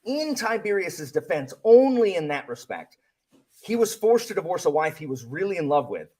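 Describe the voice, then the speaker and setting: A man hosting a casual book club chat, rambling excitedly with lots of fillers and restarts. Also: high voice, normal speed. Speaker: book channel host.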